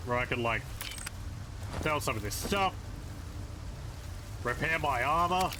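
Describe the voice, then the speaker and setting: A man's voice: mid-range voice, lively intonation, unhurried, noisy background. A man casually commenting as he plays a video game, musing aloud in a wry, self-amused way. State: has the hiccups. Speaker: let's play gamer.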